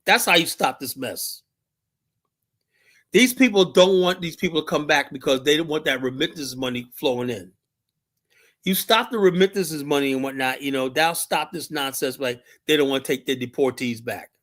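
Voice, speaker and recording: A middle-aged Liberian man co-hosts a talk show, ranting in heated opinion talk that is profane, rambling, and packed with fillers. His pitch is fairly high, his speed normal, and his tone fairly bright.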